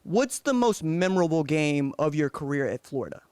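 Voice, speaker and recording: A man's voice: fairly high pitch, sing-song, moderate pace, darkish tone, smooth, no room sound. A man from Oklahoma hosting a podcast, asking direct questions in a laid-back, slangy way. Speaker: podcast host. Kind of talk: casual interview questions.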